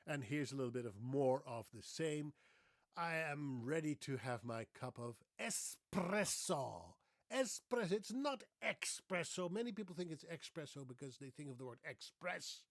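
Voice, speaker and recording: A man giving a short, playful video lesson on pronunciation, slowing down to stress each syllable of a word. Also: mid-range voice, no echo, studio quality. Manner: lively, playful, stresses each syllable slowly when modelling words. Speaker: English pronunciation teacher.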